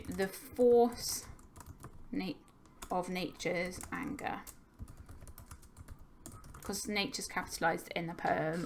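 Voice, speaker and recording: A woman's voice: fairly low pitch, gravelly, a little hiss or hum. Patient woman teacher explaining a poem. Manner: patient, explanatory, thinking aloud with fillers. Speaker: English teacher. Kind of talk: recorded lesson on poetry analysis.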